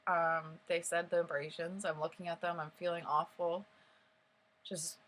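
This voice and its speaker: A woman's voice: fairly low pitch, normal speed. A young woman telling a story vlog-style, rambling with lots of "like" fillers and getting emotional as she recounts. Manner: emotional and animated while recounting. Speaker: vlogger.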